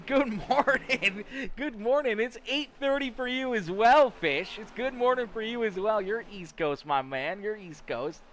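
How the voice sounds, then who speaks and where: A man's voice: high voice, animated, normal speed, hardly any pauses, a bit bright, slight background noise. A young man doing live play-by-play for an online racing league, chatting and teasing viewers between calls and often repeating himself. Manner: chatty and teasing, repeats phrases, stumbles over words. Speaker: sim racing league commentator. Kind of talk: live play-by-play commentary mixed with chat replies.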